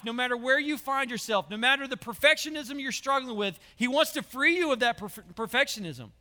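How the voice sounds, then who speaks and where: A man, a high school pastor, preaching an earnest sermon that repeats its key lines. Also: sharp tone, in a large hall. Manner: earnest, repetitive preaching, addresses listeners as y'all.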